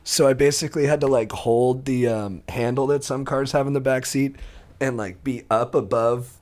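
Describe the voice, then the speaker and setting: A young man telling stories on a podcast, animated, acting out quotes and laughing along. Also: mid-range voice, normal speed. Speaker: comedian guest. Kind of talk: casual podcast storytelling.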